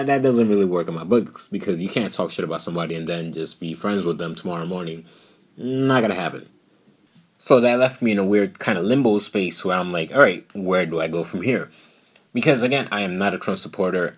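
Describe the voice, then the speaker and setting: A young man from New York ranting bluntly and profanely on his podcast, animated and outspoken. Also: sits low. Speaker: podcast host. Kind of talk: casual political rant.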